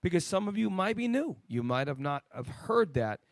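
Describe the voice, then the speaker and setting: A man leading a preaching Bible lesson, emphatic and swinging between loud and quiet. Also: high-pitched, sing-song, moderate pace, dry recording, studio quality. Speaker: lead teacher of a Bible study show.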